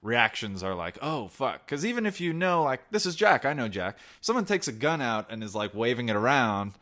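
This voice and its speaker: A man hosts a laid-back podcast in a medium voice. He tells long, animated stories and often stops and restarts mid-sentence. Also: medium pitch, fairly quick. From New Jersey. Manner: rambling, animated storytelling with many restarts. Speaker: podcast host. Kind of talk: casual chat.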